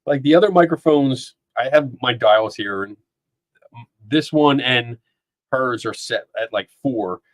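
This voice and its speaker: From his home studio, a podcast host runs a live stream, reading comments aloud, laughing often, and rambling casually. He speaks a little slowly in a mid-range voice through a dynamic microphone, with no room sound.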